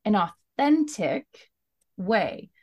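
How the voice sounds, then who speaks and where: A woman's voice: mid-range voice, big pitch swings, very slow, darkish tone, breathy edge. A woman hosting a podcast interview, chatting and telling anecdotes, acting out small back-and-forth exchanges as she goes. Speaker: podcast host and tutor.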